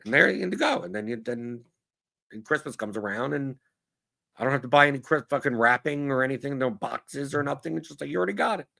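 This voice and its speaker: A man's voice: mid-range voice, animated, a little fast, creaky, bright, forceful tone. A man hosting a casual Q&A show, riffing bluntly and profanely in an exasperated monologue. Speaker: podcast host answering viewer questions.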